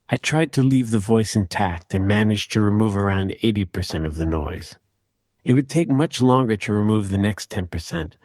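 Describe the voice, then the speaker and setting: Low-voiced man calmly explaining. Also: no room sound, clean studio sound. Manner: calm, methodical explaining. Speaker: audio repair tutor. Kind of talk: screen-recorded software tutorial.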